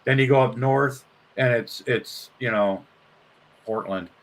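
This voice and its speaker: A man's voice: mid-range voice, unhurried. A man telling crude stories in casual chat, laughing and swearing as he talks. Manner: laughing, swearing, animated storytelling.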